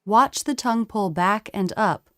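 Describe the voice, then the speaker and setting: Woman, pronunciation teacher, measured slow delivery, dry close sound. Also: medium pitch, fairly bright tone, no room sound. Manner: slow, careful, demonstrates sounds by drawing them out. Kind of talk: instructional explanation.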